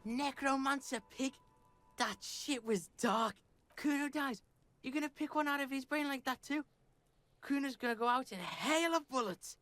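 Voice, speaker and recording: A man's voice: very high voice, moderate pace, sharp tone, no echo, soft background music, pitched above the performer's own voice. A man voicing a crude, cocky boy in a game playthrough who talks about himself in the third person. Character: foul-mouthed scrappy boy.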